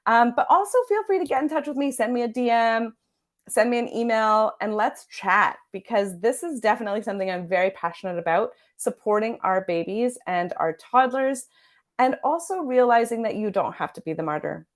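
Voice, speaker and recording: A woman's voice: a little high, expressive, fairly quick. A woman who is a parenting and sleep coach, teaching to camera in an earnest way and often checking in with "okay?".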